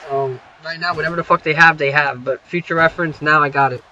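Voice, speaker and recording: A man's voice: on the high side, fairly even intonation, fast, pushed and bright, highs cut off, slight background noise. A man giving a loose, rambling, casual recap as a self-styled general manager, swearing constantly.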